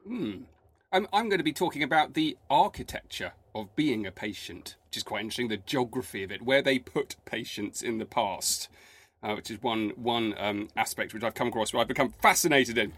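A man, a historian co-hosting a podcast, speaking in a dry, relaxed way from home. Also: mid-range voice, fairly quick, breathy edge. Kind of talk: conversational podcast talk. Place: home, recording remotely.

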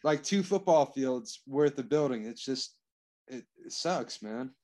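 A man trades blunt, profane banter on a podcast. His voice sits at an ordinary mid pitch for a man. He talks casually and without polish. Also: animated, unhurried, a little mellow. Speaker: podcast co-host. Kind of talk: casual chat.

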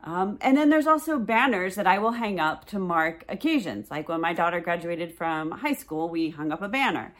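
A woman in her forties leads a relaxed Bible study. She talks in a chatty, conversational way and reads passages aloud. Her voice sits a little low. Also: normal speed, hardly any pauses. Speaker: Bible teacher. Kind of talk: casual Bible study talk.

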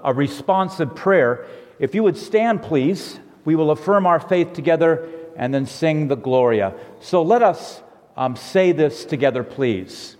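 A middle-aged man who is a pastor, leading a children's sermon and prayer in a gentle, conversational way. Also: a little high. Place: church sanctuary. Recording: long reverb of a church hall.

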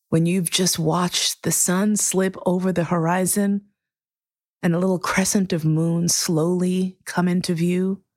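A woman hosting her own podcast, speaking earnestly and emotionally to listeners, with frank, profane warmth. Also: lowish voice, dry recording, clean studio sound. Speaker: podcast host. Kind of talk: heartfelt solo podcast monologue.

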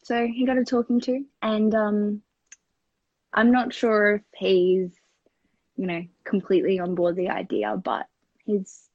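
An Australian young woman tells a personal story in a chatty, rambling way, leaning on fillers as she goes. Her voice sits at a middling pitch. It comes through a dry, dull lo-fi home recording. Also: a little slow, long pauses, no echo.

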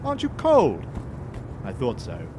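A man's voice: mid-range voice, huge pitch swings, unhurried, background noise. A man playing a prim, put-upon man who mutters to himself and turns sarcastic, in a comedy audio drama. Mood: fussy.

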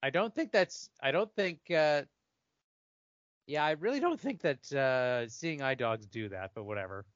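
A man's voice: mid-range voice, expressive, measured pace, no room sound. A man chatting casually about a film as a commentary co-host, rambling and hedging his points. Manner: rambling, hedging, restarting sentences. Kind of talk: casual movie commentary chat. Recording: dry, dull lo-fi audio.

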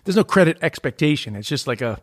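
Man, Queens New York accent, somewhat high voice, chatty comedian, rambling with restarts. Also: animated, fast. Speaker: stand-up comedian. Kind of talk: casual podcast chat.

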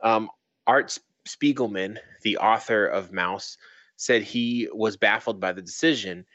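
Low-voiced young guy reading an article on a podcast, cussing asides, dull dry sound. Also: unhurried, fairly bright tone, no room sound. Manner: reads an article, breaks off into profane asides. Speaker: podcast co-host. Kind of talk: casual podcast, reading news aloud with commentary.

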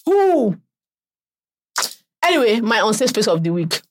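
A young Nigerian woman with a Nigerian accent co-hosting a podcast in casual chat, animated and mocking others' answers in put-on voices. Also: medium pitch, a little fast, no echo. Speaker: podcast co-host.

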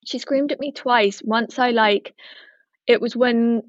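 A woman's voice: a little high, steady tone, slow pace, no room sound. Chatty woman, dull dry sound. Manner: chatty, storytelling with many likes and ums. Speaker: podcast co-host. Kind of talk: casual chat.

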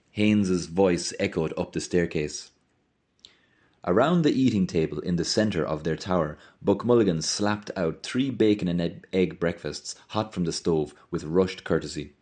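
Male narrator, very low voice, solemn, dramatic, measured literary reading. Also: darkish tone. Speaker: reader.

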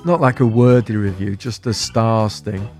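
A man performing a scripted, deadpan spoken-word comedy monologue, musing wryly on everyday words as a podcast host. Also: fairly low pitch, moderate pace, faint music behind.

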